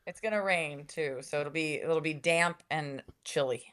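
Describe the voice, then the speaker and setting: A woman news anchor from Minnesota, chatting as a guest in a slightly low voice. She laughs often and keeps things friendly. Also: a little slow, fairly bright tone. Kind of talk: casual interview chat.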